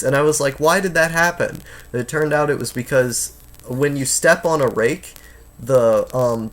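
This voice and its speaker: A man in his twenties chatting casually on a live stream from home, reading chat aloud and rambling with lots of fillers and restarts. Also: mid-range voice. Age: 20s.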